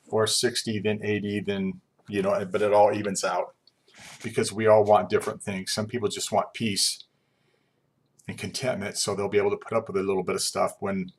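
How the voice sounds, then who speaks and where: A man teaching a class, talking in a calm, reflective, conversational way with occasional fillers. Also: fairly low pitch, breathy edge. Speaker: instructor. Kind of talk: recorded class lecture.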